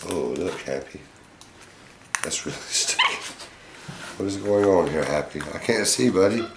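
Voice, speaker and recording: Deep-voiced man coaxing his pet monkey. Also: animated, a little slow, pauses often. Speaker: pet vlogger. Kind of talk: casual pet vlog chat. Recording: echoey room with clear background noise.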